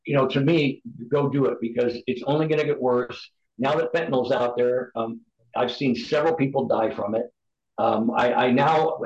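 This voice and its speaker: A man's voice: medium pitch, a little mellow. A middle-aged man, a podcast guest, giving candid personal testimony in an earnest, emphatic, preacher-like way. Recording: roomy, dull lo-fi sound.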